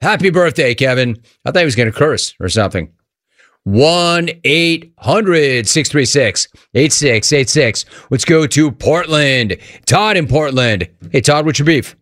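Sarcastic, lively radio host man. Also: fairly high pitch, no echo, studio quality. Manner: animated, sarcastic, fast riffing banter. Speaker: radio call-in show host. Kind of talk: radio call-in hosting.

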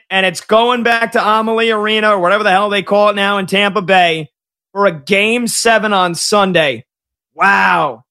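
A man hosts a live sports talk show, recapping game results as they break. His voice sits high and rings bright and forceful. He reacts with quick excitement. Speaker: sports betting show host.

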